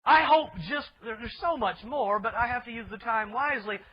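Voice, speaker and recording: A man's voice: very high voice, fairly quick, husky. A male pastor preaching a sermon with emphatic delivery, asking rhetorical questions of his listeners. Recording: dull lo-fi recording.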